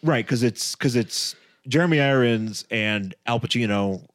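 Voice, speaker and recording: A man's voice: medium pitch, unhurried, dry recording, studio quality. A man co-hosting a podcast in casual chat, rambling and restarting his sentences and laughing often as he talks about movies. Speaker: podcast co-host.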